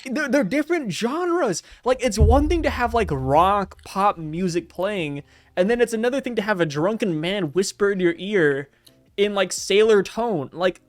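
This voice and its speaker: A man hosting a casual chat, talking in an animated way with laughs and quick restarts. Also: high voice, no room sound. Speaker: show host.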